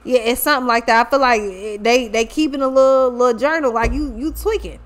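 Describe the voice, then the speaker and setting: A woman with a high voice gives a loose, casual tarot reading. She swears freely and talks in animated slang. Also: fairly quick. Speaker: tarot reader.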